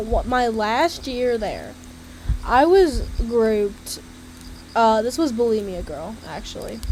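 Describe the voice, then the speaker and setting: A woman's voice: a little high, a little mellow, slight background noise, poor audio. A young woman casually telling personal stories, chatty, swearing freely and filling her talk with "like". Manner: chatty, swears freely, heavy use of "like", laughs between lines. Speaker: storyteller. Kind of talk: casual storytelling monologue.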